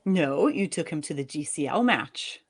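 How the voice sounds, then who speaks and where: A woman reading the part of a fed-up young wife and mother, sharp and sarcastic with her husband. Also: sits low, lively intonation, moderate pace, husky, full character voice. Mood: accusing. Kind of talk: live fiction reading.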